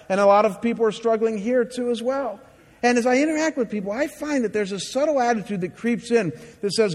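High-voiced preaching man, reverberant hall. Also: fast talker. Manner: earnest, emphatic preaching with rhetorical questions. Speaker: pastor. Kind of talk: sermon.

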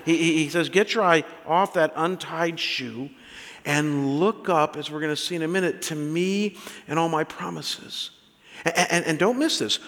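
A man in his fifties preaching a sermon, telling stories in an animated way with many restarts. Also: on the high side, in a large hall. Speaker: pastor.

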